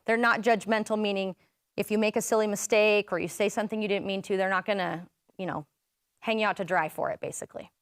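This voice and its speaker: A woman's voice: mid-range voice, steady tone, fast talker, clear, resonant tone, no room sound, clean studio sound. A woman presenting an interactive parenting workshop, chatting with the audience, asking questions and rephrasing their answers.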